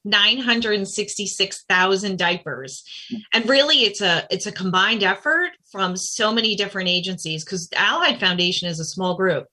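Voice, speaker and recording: A woman who runs a small nonprofit, answering interview questions in an earnest, measured way. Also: mid-range voice, bright, forceful tone, husky. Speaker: nonprofit founder. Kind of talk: interview guest.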